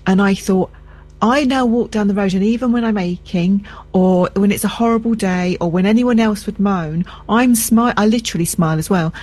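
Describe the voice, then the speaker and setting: A woman's voice: medium pitch, normal speed, a little mellow. A woman sharing a personal experience in a casual chat, earnest and reflective.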